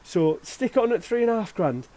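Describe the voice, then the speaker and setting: A man's voice: high voice, sing-song, fairly quick, warm tone, rough recording. A man in his forties, a car dealer chatting to camera and giving friendly advice. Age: 40s. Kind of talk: casual presenting to camera.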